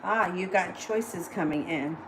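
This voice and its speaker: A woman's voice: lowish voice, a little slow, noisy background. A woman giving casual live-stream tarot readings, blunt and plain-spoken, swearing freely between cards. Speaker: tarot reader.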